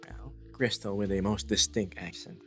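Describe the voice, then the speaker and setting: A man's voice: on the low side, steady tone, normal speed, a bit bright, soft background music. A man streaming live, reading chat messages aloud and joking about them with frequent chuckles.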